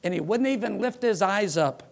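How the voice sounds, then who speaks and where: High-voiced middle-aged male preacher. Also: normal speed, vocal fry. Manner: animated storyteller who acts out quoted voices. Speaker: pastor. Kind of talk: sermon.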